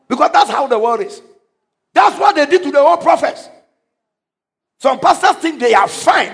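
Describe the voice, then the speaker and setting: A male pastor delivers a lively sermon in a high, bright voice that leaps up and down. He bursts into sudden shouts and chuckles at his own anecdotes. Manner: animated preaching, sudden shouts, laughs at own stories. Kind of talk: energetic sermon.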